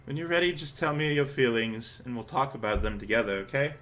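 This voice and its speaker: A kind, caring teenage girl speaking calm words of comfort, read aloud by a man. Her voice is even and reassuring, with a bright, crisp edge. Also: medium pitch, brisk, faint music behind, lightly acted. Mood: soothing. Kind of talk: reading a visual novel aloud in character.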